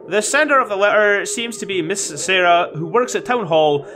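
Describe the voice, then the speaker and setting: A man's voice: high-pitched, sing-song, measured pace. A man playing a horror game and commenting casually, swearing and reading game text aloud. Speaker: gaming video host. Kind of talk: let's-play commentary. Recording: home recording with clear background noise.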